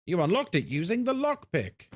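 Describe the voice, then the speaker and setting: A man's voice: high-pitched, wildly swooping pitch, moderate pace. A man streaming a horror game, chatting casually and greeting viewers by name as he plays. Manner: chatty, greets chat viewers by name between gameplay remarks. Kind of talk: casual live-stream commentary. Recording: clear background noise.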